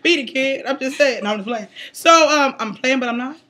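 A woman's voice: sits high, fairly quick, sharp tone. A woman reporter playfully interviewing contestants, bubbly and teasing, laughing often. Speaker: contest entrant and field reporter.

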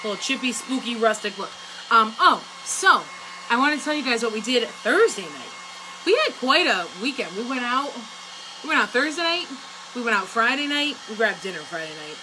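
A woman's voice: a little high, big pitch swings, moderate pace. Chatty rambling woman crafting. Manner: chatty, rambling, laughs often. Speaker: craft vlogger. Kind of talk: casual chat while crafting. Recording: loud hair dryer noise.

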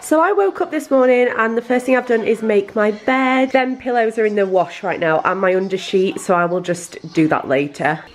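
A woman's voice: on the high side, lively intonation, moderate pace, hardly any pauses, roomy sound. Chatty young woman vlogging. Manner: chatty, rambling, giggly. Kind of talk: casual vlog chat to camera.

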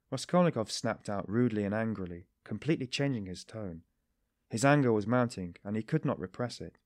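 A man reading a classic novel aloud as an audiobook narrator, in a steady, even manner. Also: lowish voice, fairly quick, no room sound, clean studio sound. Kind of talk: scripted narration.

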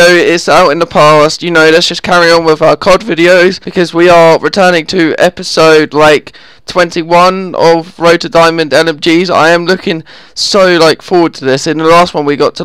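Male gaming host, raised pitch, clean smooth voice; exasperated live play-by-play. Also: fairly even intonation, moderate pace, a bit bright, no echo. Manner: easily exasperated, groaning at the game. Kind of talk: live gameplay commentary.

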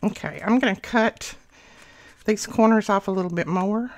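A female craft channel host talks casually to viewers as she works on a tutorial, slightly winded. Her voice is mid-range and her pace moderate.

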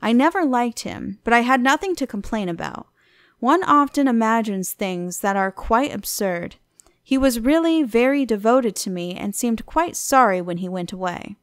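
A woman reading the lines of a petulant, flippant young gentleman who is languid and bored. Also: a little high, expressive, moderate pace, smooth, no room sound, studio quality, natural voice.

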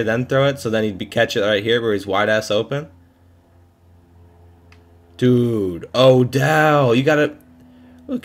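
A young man giving live, excitable commentary on his own football video game, swearing and shouting at the plays. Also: mid-range voice. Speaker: gaming YouTuber.

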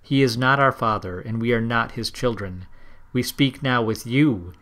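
A man's voice: medium pitch, normal speed, a bit bright, lightly acted. A man voicing a grave old tribal elder. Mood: protesting. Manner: broken, simple English.

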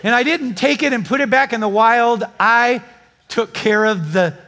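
Pastor with a high, story-driven voice. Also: male voice, moderate pace, sharp tone, slight background noise. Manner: storytelling, joking with the congregation. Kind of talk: sermon. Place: church before a live congregation.

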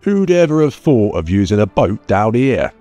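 Man doing thick-headed sewer jack, blunt and mocking, low voice. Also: big pitch swings, normal speed, dark tone. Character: dim-witted male sewer worker, mocking. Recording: dry close mic, faint music bed.

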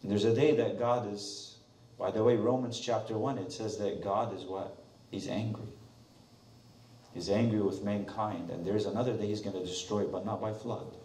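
A male pastor preaching a sermon, animated and questioning the congregation. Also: fairly low pitch, normal speed, echoey room, recorded from a distance. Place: church sanctuary.

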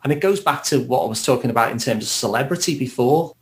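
A man's voice: mid-range voice, expressive, fast talker, slight background noise. A man with a Liverpool accent, a therapist guesting on a podcast, reflective and laughing lightly as he talks. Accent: Liverpool (Scouse). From Liverpool, England. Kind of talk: casual podcast conversation.

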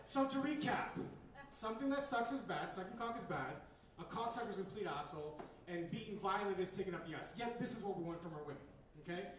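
A man's voice: sits high, lively intonation, quick pace, slight background noise. A man performing a stand-up comedy set at a bar's comedy night, talking in a rambling, hesitant way with lots of fillers. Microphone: handheld recorder in the audience. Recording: echoey bar room from far off.

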